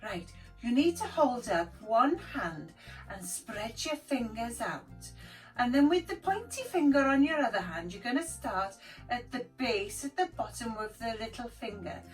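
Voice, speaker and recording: A woman's voice: on the high side, big pitch swings, unhurried. A woman voicing a friendly, polite young cat puppet who talks eagerly like a child. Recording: distant mic, faint background music.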